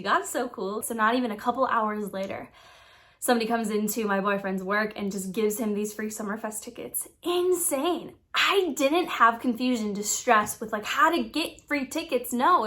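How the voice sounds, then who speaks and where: A young woman speaks to her viewers as a Christian YouTuber, earnest and expressive. Her voice is bright and sharp-edged and sits a little high. She lays out her teaching with warmth of conviction and lively turns of phrase. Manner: earnest, expressive, playfully acts out quoted thoughts. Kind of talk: faith-based teaching vlog.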